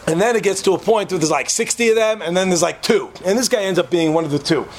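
A man's voice: sits high, fast. Chatty man telling a funny story. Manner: chatty, joking, addresses the audience with asides. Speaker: speaker telling a story to an audience. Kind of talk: humorous storytelling talk.

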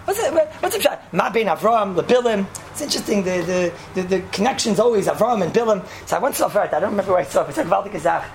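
A woman teacher giving a casual religious talk, telling stories in an animated way and mixing in Hebrew and Yiddish terms. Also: fast talker, hardly any pauses, a little hiss or hum. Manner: jumps to high pitch when acting out story lines. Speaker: seminary teacher.

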